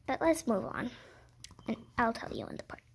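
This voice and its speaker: A woman's voice: a little high, huge pitch swings, moderate pace, gravelly, husky. A woman casually reading a picture book aloud, stumbling over words, correcting herself and adding chatty asides.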